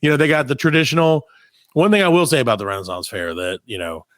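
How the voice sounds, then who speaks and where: A man's voice: mid-range voice, fast talker, dry recording, clean studio sound. A middle-aged man and father telling a comic story on a podcast, swearing freely and acting out the people in it. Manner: profane, animated anecdote-telling with quoted voices. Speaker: podcast co-host. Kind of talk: casual comedic storytelling.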